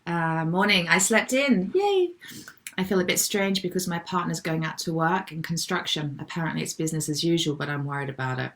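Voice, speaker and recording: A middle-aged woman hosting a live online wellbeing session, gently and affectionately reading out viewers' comments and replying to them. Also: low voice, steady tone, brisk, few pauses. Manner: gentle, affectionate, calls people darling.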